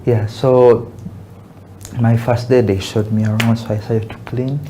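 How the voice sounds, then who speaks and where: Young adult man from Uganda, earnest and halting, mid-pitched, a bit of background hiss. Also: little pitch movement. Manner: earnest, halting, with frequent restarts. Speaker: barista guest. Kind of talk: casual interview.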